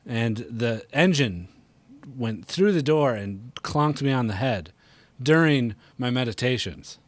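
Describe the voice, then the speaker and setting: A man's voice: mid-range voice, takes it slowly, dry recording. A man with a mild Wisconsin accent, co-hosting a casual gaming podcast and telling tall tales with a straight face. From Wisconsin, USA. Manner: joking, tells tall tales deadpan. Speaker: podcast co-host.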